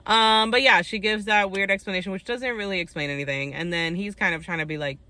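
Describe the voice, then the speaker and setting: A young woman talks through a reality dating show episode in a loose, chatty recap. She sprinkles "like" and "um" everywhere and gives her opinion freely. Her voice is bright and forceful. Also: mid-range voice, quick pace, no room sound. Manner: chatty, full of "like" and "um" fillers; opinionated storytelling. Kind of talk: casual recap chat.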